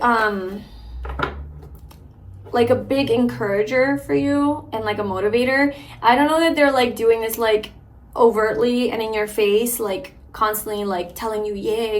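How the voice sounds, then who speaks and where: Chatty young woman giving a tarot reading. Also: a little high. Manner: chatty, warm-hearted, lots of filler likes and ums. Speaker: tarot reader. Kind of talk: casual spiritual tarot reading.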